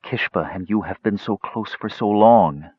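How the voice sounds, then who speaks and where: A man voicing a caring woman weaver who speaks gently and in hushed tones, as in an audiobook. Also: on the low side, normal speed, slightly rough, no room sound, highs cut off, voice pushed up. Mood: concerned. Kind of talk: audiobook narration.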